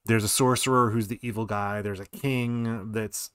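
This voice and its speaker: A man's voice: on the low side, steady tone, normal speed, a bit bright, smooth, no echo, studio quality. A man in his forties giving casual, rambling commentary while streaming a game. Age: 40s. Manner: rambling, digressive.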